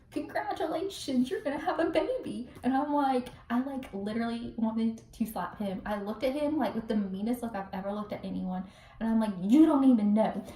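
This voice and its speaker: A young woman casually telling a personal story to the camera, chatty and animated, acting out what people said. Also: mid-range voice. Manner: chatty, animated, acts out quotes with laughs. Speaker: vlogger telling her birth story. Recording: roomy echo, recorded from a distance.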